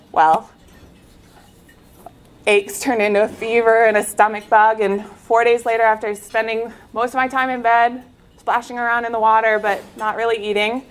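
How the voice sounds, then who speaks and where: A woman who is a former Olympic swimmer gives an inspirational faith talk, telling her story in an earnest, animated way. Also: on the high side, a little hiss or hum.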